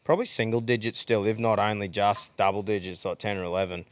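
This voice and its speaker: A man's voice: lowish voice, steady tone, fast talker, dry recording. A man with an Australian accent hosting a casual podcast chat, blokey and swearing freely. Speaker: podcast host.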